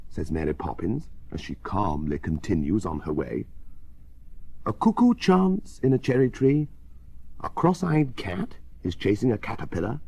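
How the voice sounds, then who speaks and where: A man reading a children's story aloud in a very expressive, sing-song way. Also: on the low side, moderate pace, creaky, slightly rough, no echo. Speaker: reader.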